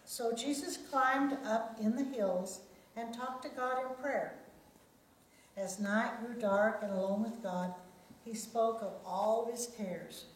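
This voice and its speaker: Slow-spoken woman telling a Bible story to kids. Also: a little high, distant mic, slight background noise. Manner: gentle, asks the children questions. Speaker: children's sermon leader. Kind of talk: children's Bible story reading. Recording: very echoey room.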